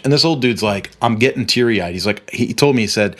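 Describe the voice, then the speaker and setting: A man's voice: on the low side, quick pace, few pauses, fairly bright tone. A man who runs a web agency, telling client stories in a casual, rambling monologue full of restarts. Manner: rambling, storytelling with frequent restarts. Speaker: web agency owner and podcast host.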